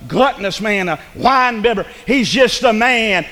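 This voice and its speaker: A man preaching a sermon in church, swinging between loud, emphatic passages and hushed ones. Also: sits high, lively intonation, moderate pace, few pauses, big-room sound. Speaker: pastor.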